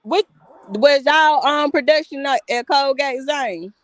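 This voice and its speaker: A woman's voice: high-pitched, a little slow, no room sound. A woman co-hosting a podcast, venting and telling stories in casual chat. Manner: venting, storytelling about work.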